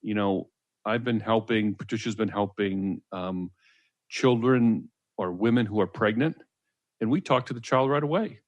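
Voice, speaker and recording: A man's voice: fairly low pitch, moderate pace, no echo, dull audio. A man co-hosting a talk radio show, explaining earnestly with frequent fillers. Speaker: co-host.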